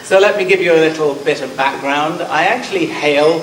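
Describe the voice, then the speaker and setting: Heard from a distance in a roomy conference hall, with a little hiss or hum, a middle-aged Scottish-born speaker with a southern English accent presents briskly. His voice sits on the high side and a bit bright, and he's self-deprecating, with frequent ums.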